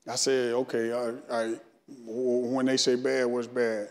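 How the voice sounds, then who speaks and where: A man's voice: mid-range voice, unhurried. Middle-aged southern guy from alabama giving his testimony at church, acts out the conversations, big hall echo. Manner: storytelling, lively, acts out his own past dialogue. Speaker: guest speaker. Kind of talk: sermon testimony. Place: church sanctuary. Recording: long church reverb.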